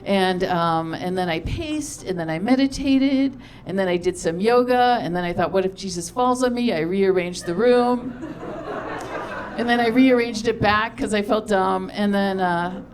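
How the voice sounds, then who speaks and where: A middle-aged woman on a comedy stage, rambling through a personal story with lots of "um"s and quoted back-and-forth. Her voice sits at an ordinary pitch for a woman, and a faint hum of the room hangs behind her. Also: unhurried. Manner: chatty, self-deprecating, many fillers and quoted dialogue. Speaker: stand-up comedian. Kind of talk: storytelling stand-up set.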